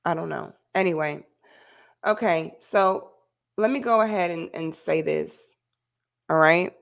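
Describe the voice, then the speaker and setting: Woman host, reaction commentary, dramatic exclamations, casual slang, slow drawl. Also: fairly low pitch, gravelly. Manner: exclaiming, dramatic, rambling with restarts; casual slang, addresses viewers as y'all.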